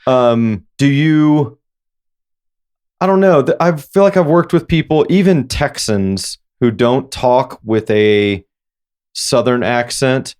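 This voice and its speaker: A man hosting a podcast interview, chatting casually in a rambling, halting way with many false starts. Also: mid-range voice, darkish tone, clear, resonant tone. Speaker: podcast host.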